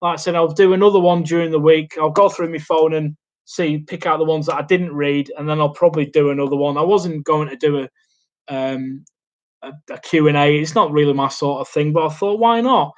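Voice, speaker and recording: Guy, young, fairly high voice, rambly live q&a from his little home studio, loads of ums. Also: fairly even intonation, a little fast. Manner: rambling, hesitant, lots of ums and restarts. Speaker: YouTube host. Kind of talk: casual live Q&A chat. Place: small home studio indoors. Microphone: laptop mic.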